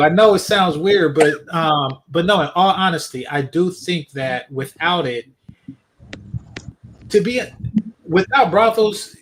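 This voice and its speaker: A man's voice: a little high, a little hiss or hum, low-quality recording. Earnest male guest explaining his view. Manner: earnest, explains with fillers and restarts. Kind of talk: casual livestream chat.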